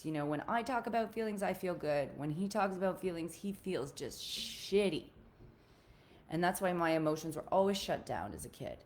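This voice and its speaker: Woman, low voice, relationship coach, earnest, confiding, storytelling, live video call. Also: a little mellow. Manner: earnest, confiding, addresses listeners directly.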